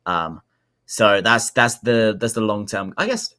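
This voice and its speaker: Brief: young New man, podcast co-host, bright, forceful tone, slightly low voice, chatty. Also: measured pace. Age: young adult. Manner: chatty, upbeat, filler-heavy. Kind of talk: casual podcast chat.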